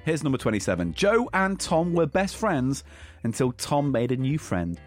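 A man's voice: medium pitch, sing-song, moderate pace, soft background music. A man reading game rules aloud and bantering teasingly as a comedy co-host. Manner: reads aloud, teasing, swears, laughs.

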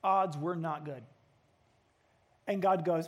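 Brief: a male preacher giving a conversational, animated sermon, high-pitched. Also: moderate pace. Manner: conversational and animated, with frequent restarts.

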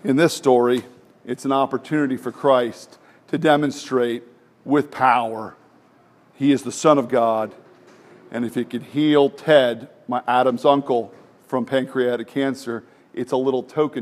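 A middle-aged male pastor preaching a sermon, animated, with rhetorical questions and sarcastic asides. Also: mid-range voice, moderate pace.

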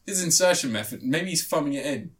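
A man's voice: fairly high pitch, lively intonation, fast talker. Rambling, giggly man retelling a film. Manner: rambling, giggly, acts out characters in quoted voices. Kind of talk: casual chat, retelling a film with put-on voices.

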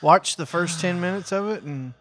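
A man's voice: high-pitched, normal speed, a crowd in the background. A male podcast co-host in casual chat, full of profane, teasing banter.

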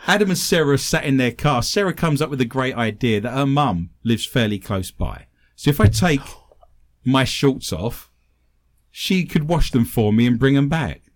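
A British-accented paranormal investigator and medium, guesting on a talk show, spins self-deprecating stories with plenty of animation. His voice sits at a medium pitch and moves at a moderate pace, and the talk is loose, casual storytelling.

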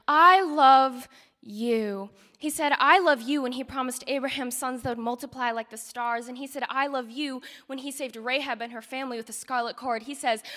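A woman giving a dramatic spoken-word poetry performance, swinging from loud declarations to hushed whispers. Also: sits high. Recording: echoey hall.

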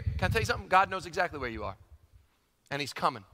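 A man preaching a sermon, emphatic and animated, repeating phrases for emphasis. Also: a little high, quick pace. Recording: long hall reverb.

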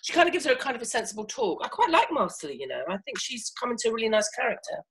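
A woman co-hosting a podcast on a video call, chatty and quick to chime in. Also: on the high side, wildly swooping pitch, fairly bright tone. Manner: chatty, quick to prompt and laugh along. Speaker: podcast co-host. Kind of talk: casual chat recapping a TV episode. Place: home, recording remotely.

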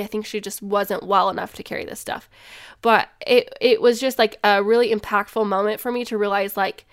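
A woman's voice: mid-range voice, fairly bright tone, smooth. A woman sharing personal faith stories in an earnest, conversational way, with plenty of filler words. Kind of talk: personal reflective storytelling.

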